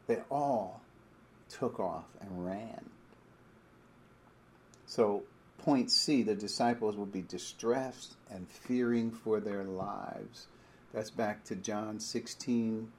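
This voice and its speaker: A middle-aged man delivers a sermon in a relaxed, conversational manner. His voice sits fairly low. He reads scripture passages aloud and stops often to explain them in his own words. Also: a little hiss or hum. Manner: conversational preaching, reading scripture aloud with asides. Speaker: pastor.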